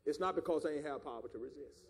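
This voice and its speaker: A man with a Southern American accent preaching a fiery sermon, breaking into shouts and call-and-response with the congregation. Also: a little high, very fast, gravelly. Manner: Southern preacher cadence with calls of "my God" and "do you understand". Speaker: pastor.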